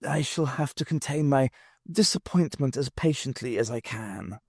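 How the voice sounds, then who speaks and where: A man's voice: medium pitch, animated, moderate pace, slightly rough, no room sound, clean studio sound. A man voicing a wheezy, courtly old male president who turns stern when crossed, in a novel reading. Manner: courtly, turning sharply stern.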